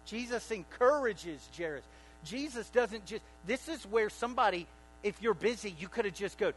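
A high-pitched male pastor delivers an animated sermon, climbing to loud emphatic lines and then dropping to hushed asides. He keeps checking in with the congregation through questions. A faint electrical hum sits under the recording. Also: moderate pace, low-quality recording. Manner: animated preaching, rising to loud bursts and dropping to quiet asides.

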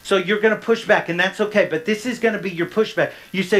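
Preaching from the front of a church sanctuary, a pastor speaks fast with hardly any pauses. His voice rises into loud bursts, then sinks to hushed, low passages, and he repeatedly asks his congregation questions to check in with them.

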